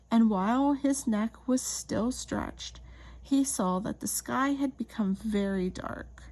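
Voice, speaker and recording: A woman reading an old bedtime story aloud in a gentle, unhurried way. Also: on the high side.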